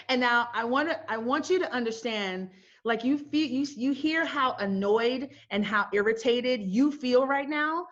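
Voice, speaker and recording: In a dull lo-fi recording, a middle-aged woman who is a founder and host passionately addresses an audience. Her voice runs on the high side, a little slow and fairly bright, as she emphatically poses rhetorical questions and often repeats them.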